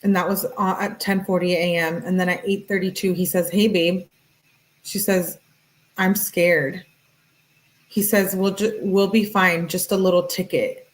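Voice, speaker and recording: A woman commentating on a true-crime case, reading a couple's text messages aloud in a brisk, matter-of-fact way and tagging each one with who sent it. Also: on the low side, fairly even intonation. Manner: talks directly to viewers in chat.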